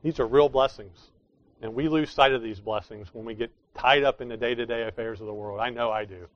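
A man's voice: medium pitch, fairly even intonation, brisk, lo-fi sound. A man preaching a sermon, explaining scripture in an emphatic way that leans hard on key words. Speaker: pastor.

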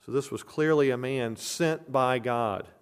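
An earnest man delivers a sermon from the pulpit as a pastor, his voice sitting at an ordinary middle pitch. He drives each point home with emphatic repetition. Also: a little slow, smooth. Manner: earnest and emphatic, with repeated phrases. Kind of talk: expository sermon.

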